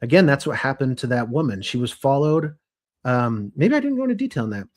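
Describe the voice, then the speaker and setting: A young man co-hosting a podcast, walking listeners through a story from his notes. He talks casually and animatedly, restarting and correcting himself as he goes, in a voice of middle pitch. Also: big pitch swings, fairly quick. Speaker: podcast co-host.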